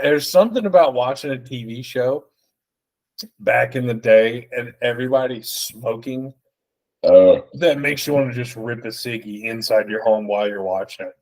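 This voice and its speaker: A man in his thirties hosting a solo podcast, rambling and excitable with plenty of swearing. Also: mid-range voice, normal speed. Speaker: podcast host.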